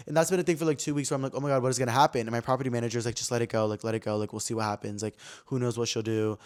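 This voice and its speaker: A young man hosting a casual podcast, telling a story animatedly and acting out quoted lines in a high, excited voice. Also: rapid-fire, few pauses, clear, resonant tone. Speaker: podcast host.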